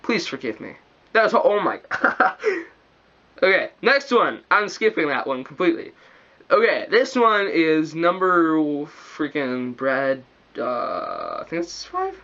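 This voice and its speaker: A man's voice: a little high, animated, unhurried, pushed and bright. A young man rambling in a casual vlog, goofy and self-mocking, full of slang. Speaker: vlogger. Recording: dull lo-fi recording.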